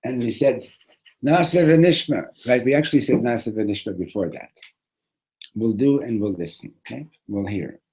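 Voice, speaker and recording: A man teaching a classroom lesson on a religious text, animated, often restarting and repeating words. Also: medium pitch, normal speed, husky, low-quality recording.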